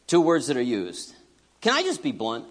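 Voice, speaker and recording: A middle-aged man preaching a conversational sermon, animated and joking, swinging between loud bursts and hushed asides. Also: medium pitch, moderate pace. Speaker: pastor. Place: church sanctuary. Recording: long reverb of a large church hall.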